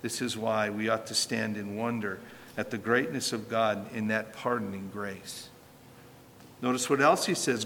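A man's voice: fairly low pitch, steady tone, a little slow, a bit bright, a little hiss or hum. A man preaching a sermon as pastor, emphatic and rising and falling in force, with rhetorical questions. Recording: reverberant hall with faint ambience.

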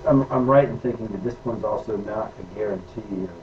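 A man's voice: fairly low pitch, fast, a little mellow. A man in a class audience carefully checking a point, somewhat hesitant. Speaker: class participant. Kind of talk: asking a question. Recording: distant muffled mic with noise.

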